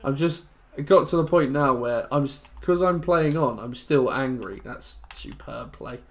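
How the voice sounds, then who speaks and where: A young man from England giving rambling, emotional commentary over a football video game, muttering low one moment and shouting the next. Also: moderate pace. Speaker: gaming YouTuber. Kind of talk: casual gameplay commentary.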